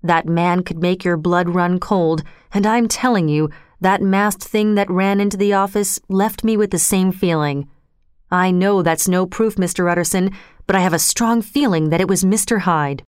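A woman's voice: fairly low pitch, moderate pace, darkish tone, clear, resonant tone, dry recording, clean studio sound, lightly acted. A woman voicing a loyal, anxious middle-aged male butler who speaks earnestly and pleads. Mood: urgent.

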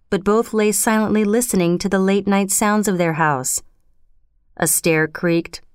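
A woman reading a story aloud in a measured, steady narration style. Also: mid-range voice, clear, resonant tone, no room sound, studio quality. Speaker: audiobook narrator. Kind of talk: scripted narration.

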